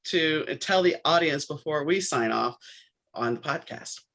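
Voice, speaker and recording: A woman's voice: deep voice, animated, normal speed, a bit bright, poor audio. A middle-aged woman from New Orleans hosting a podcast, telling stories casually and acting out the other people in them. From New Orleans, USA. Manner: acts out the quoted voices in her stories. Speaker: podcast host. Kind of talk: casual conversational storytelling.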